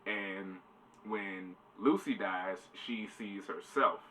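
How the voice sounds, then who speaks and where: A man's voice: low-pitched, takes it slowly, fairly bright tone. Rambling man reviewing a show. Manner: rambling, loose, swears casually. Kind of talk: casual spoiler review. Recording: distant mic, faint background noise.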